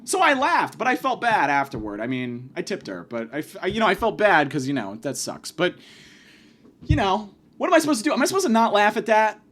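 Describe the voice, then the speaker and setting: A man delivering a profane comedic rant, abrasive and insulting, swinging from yelling to muttering. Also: high-pitched, very animated, a little fast. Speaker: comedic ranter.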